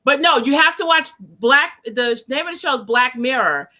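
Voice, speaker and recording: A woman's voice: high voice, animated, normal speed, bright, forceful tone. A woman interviewer chatting casually about films, laughing often and trailing off mid-sentence.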